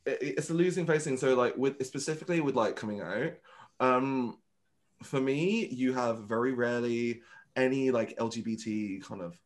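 Campy drag performer, chatty. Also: male voice, medium pitch, moderate pace. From United Kingdom. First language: Vietnamese. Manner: animated, campy storyteller who acts out quotes. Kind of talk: casual interview chat.

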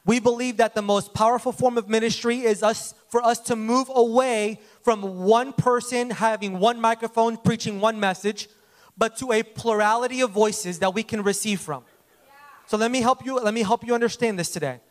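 Guy pastor hyping up the next preacher, really high voice, earnest church talk. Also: normal speed. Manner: earnest, exhorting the congregation. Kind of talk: sermon introduction.

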